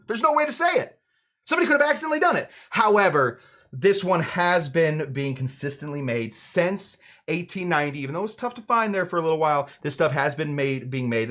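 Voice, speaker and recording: A young man hosts a live cocktail show in a loose, casual way. He rambles, goes off on tangents and keeps correcting himself mid-sentence. His voice sits a little on the high side. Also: a bit bright. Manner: rambling, self-correcting, digressive. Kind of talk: casual livestream chat.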